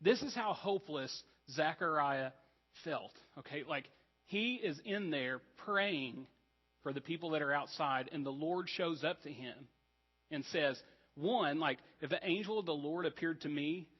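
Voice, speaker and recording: A man's voice: fairly high pitch, measured pace, big-room sound, highs cut off. A man preaching a sermon as pastor, conversational and earnest, with casual asides to the congregation. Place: church sanctuary.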